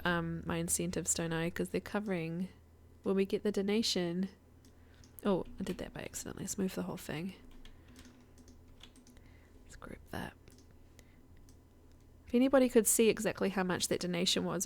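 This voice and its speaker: Gravelly-voiced New woman streamer. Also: medium pitch. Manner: chatty, thinks aloud, talks to chat. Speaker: guest streamer. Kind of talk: casual live-stream chat while gaming.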